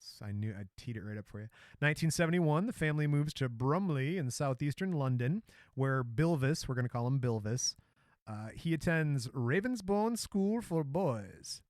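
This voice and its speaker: A man's voice: medium pitch, expressive, normal speed, a little mellow, no room sound, clean studio sound. A man from Michigan co-hosting a podcast, telling a story in a casual, joking way. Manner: joking, storytelling, laughs often. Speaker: podcast co-host.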